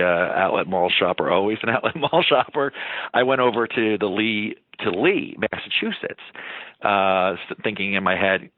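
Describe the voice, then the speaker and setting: A man's voice: on the low side, no room sound. A man state senator from Long Island recalling events in a rambling interview full of ums and you-knows. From Long Island, New York. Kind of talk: casual interview recollection. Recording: dry, phone-like line.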